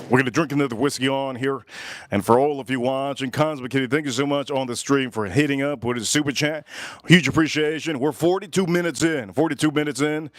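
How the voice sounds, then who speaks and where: A man's voice: mid-range voice, no echo. An American man hosting a casual live stream at his backyard grill, rambling and repeating himself with lots of fillers. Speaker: livestream host.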